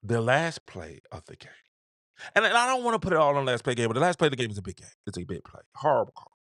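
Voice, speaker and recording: A man hosting a call-in sports talk show, talking in an animated, exasperated way and often repeating himself. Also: mid-range voice, fast talker, no echo, clean studio sound.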